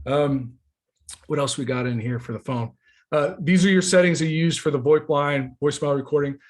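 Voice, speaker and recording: A man walking through his software in a casual webinar, talking in a rambling, enthusiastic way with many fillers. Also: a little high, moderate pace. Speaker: software founder giving a demo.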